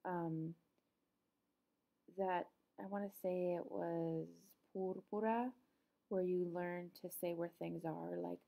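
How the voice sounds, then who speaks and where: A middle-aged woman teaching a recorded Spanish lesson, explaining patiently with frequent pauses and ums. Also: fairly low pitch, steady tone, creaky, warm tone.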